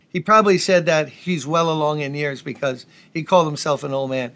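A male pastor delivering a sermon in a notably high voice. He preaches with folksy energy and breaks off for asides to the congregation. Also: steady tone, a little fast, a bit bright.

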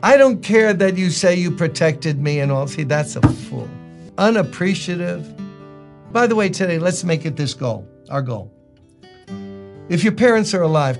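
Joking New pastor preaching. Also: male voice, a little high, gravelly. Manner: conversational, joking storyteller. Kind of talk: sermon.

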